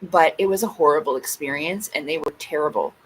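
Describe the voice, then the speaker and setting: This vlogger's voice sits low and moves fairly quickly as she vents to viewers, cursing and acting out her part in arguments. The rough recording includes faint background noise.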